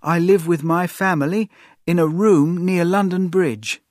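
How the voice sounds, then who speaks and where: Man playing a humble poor boy, polite, slightly raised voice, slow storybook reading. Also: high voice, a little mellow, no room sound, studio quality, pitched above the performer's own voice. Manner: polite and plain, says sir.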